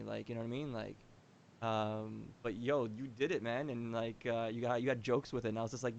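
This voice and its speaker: A man's voice: medium pitch, steady tone, brisk, vocal fry, dull audio, slight background noise. A young man hosting a podcast, chatting in a laid-back, slangy way with short reactions. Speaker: podcast host. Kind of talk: casual chat.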